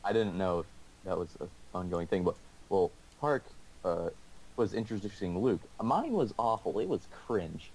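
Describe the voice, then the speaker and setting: A man's voice: low voice, animated, moderate pace, darkish tone. A teenage boy casually telling a school story over a call, rambling with lots of restarts and laughs. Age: teens.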